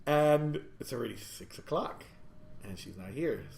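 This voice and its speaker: A man hosting a podcast from his store, telling rambling, animated anecdotes in casual chat. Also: medium pitch, a little slow, vocal fry. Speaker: podcast host and store owner. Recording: echoey room.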